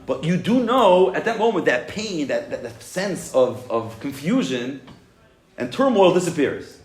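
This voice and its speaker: Animated man teaching in an echoey room. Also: on the high side, a little slow. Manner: animated, acts out "I got it" moments, asks and answers himself. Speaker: Torah teacher. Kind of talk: Chassidus class lecture.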